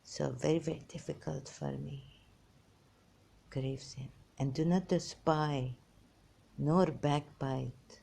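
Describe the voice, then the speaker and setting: A woman hosts a religious commentary channel, delivering a rambling, emphatic monologue in non-native English and reading scripture passages aloud. She repeats herself and swings between muttering and exclaiming. Her deep, warm, creaky voice moves slowly with fairly even intonation and long pauses.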